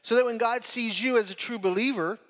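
A man's voice: very high voice, brisk, a bit bright. Preaching man in a reverberant hall. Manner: conversational preaching, frequent "right?" check-ins. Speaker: pastor. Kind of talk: sermon.

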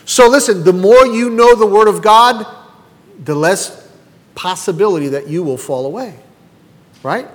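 A man's voice: sits high, unhurried, pauses often. A man in his fifties preaching a sermon as pastor, throwing rhetorical questions at the congregation. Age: 50s. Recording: long hall reverb.

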